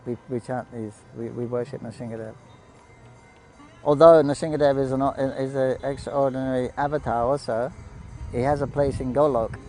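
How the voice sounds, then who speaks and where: A man giving a devotional talk, telling stories in a halting, anecdotal way and quoting the people in them. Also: medium pitch, steady tone, darkish tone, faint music behind, poor audio. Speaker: devotee storyteller on a pilgrimage broadcast.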